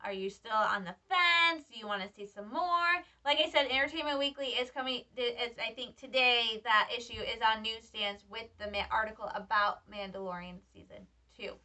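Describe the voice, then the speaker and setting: Excitable high-voiced young woman vlogging. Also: normal speed, few pauses. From Michigan. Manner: excitable, chatty fan talk. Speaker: vlogger, student. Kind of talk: casual reaction vlog. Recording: slightly distant, dull lo-fi sound.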